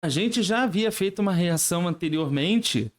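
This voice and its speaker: A man's voice: high voice, animated, fairly quick. A man hosting a reaction channel in a friendly, casual way.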